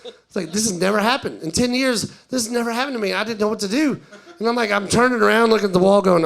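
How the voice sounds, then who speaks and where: A male stand-up comedian telling a story live, chatty and animated, acting out the dialogue. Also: high-pitched, a little fast, creaky.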